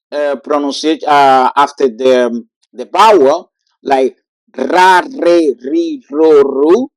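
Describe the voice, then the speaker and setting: Slow, halting teacher. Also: mid-range voice, dry recording. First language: Spanish. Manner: halting, with many fillers, repeats words slowly for drilling. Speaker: Spanish teacher. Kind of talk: online language lesson.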